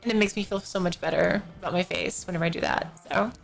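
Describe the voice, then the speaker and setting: A woman's voice: fairly low pitch, fairly even intonation, fast, vocal fry. A woman live streamer chatting casually at her home desk setup, drowsy and yawning, a bit out of it and rambling, into a professional desk microphone. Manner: rambling, slightly out of it. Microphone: professional-grade desk microphone. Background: faint music from a neighbor.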